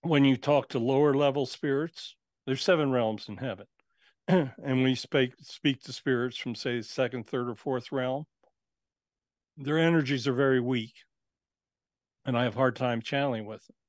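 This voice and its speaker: A man's voice: mid-range voice, fairly even intonation, normal speed, no echo. Earnest male guest, dry and close. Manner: earnest, matter-of-fact about his spirit experiences. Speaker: guest, spirit channeler. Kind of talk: casual interview storytelling.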